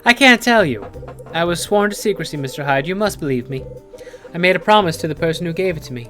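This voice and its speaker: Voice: mid-range voice, expressive, quick pace, a bit bright, faint music behind, close to an everyday voice. A let's play player voicing a prim, secretive woman guest who is haughty and easily offended. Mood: pleading. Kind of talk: let's play character reading.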